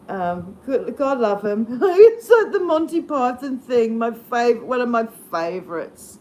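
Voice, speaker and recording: An Australian woman in middle age chats on a live stream from home with a mellow, relaxed voice. Her pitch swoops up and down in a lively way as she rambles from one thought to the next, laughing easily and poking fun at herself. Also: slow pace, a little hiss or hum. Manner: rambling, giggly, self-deprecating. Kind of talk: casual live-stream chat.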